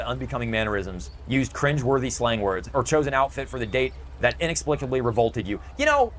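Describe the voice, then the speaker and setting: Middle-aged male commentator, bitter emotional rant, mid pitch, faint noise. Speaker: video commentator. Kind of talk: emotional ranting monologue.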